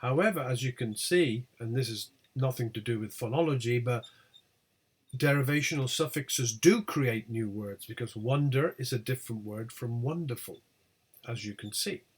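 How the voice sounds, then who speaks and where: A man teaching a lecture on English word stress, speaking slowly and deliberately and over-stressing each example word. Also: mid-range voice, breathy edge. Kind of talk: lecture on pronunciation.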